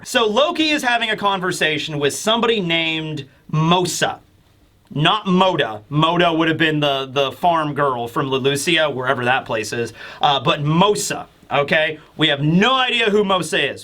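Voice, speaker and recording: Man, comic review host, casual rambling, lots of fillers, bright tone. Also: on the high side. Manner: rambling, filler-heavy, breaks into quick voices for characters.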